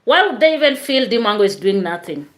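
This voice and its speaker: A woman's voice: mid-range voice, big pitch swings, brisk. Chatty woman live-streaming. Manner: chatty, talks straight to viewers. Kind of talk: live-stream commentary reading viewer comments.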